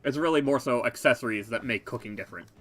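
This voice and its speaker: Bright-voiced chatty gameplay host. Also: male voice, mid-range voice, fast. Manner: relaxed, chatty, laughs easily. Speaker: let's play host. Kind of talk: casual gameplay commentary. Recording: game music behind.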